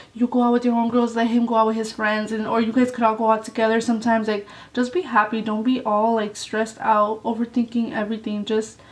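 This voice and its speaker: A woman's voice: fairly high pitch, far from the mic, low-quality recording. A young woman telling a story on her vlog in a blunt, casual way, swearing a lot and saying "like" often. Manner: blunt, heavy swearing, lots of "like". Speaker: vlogger.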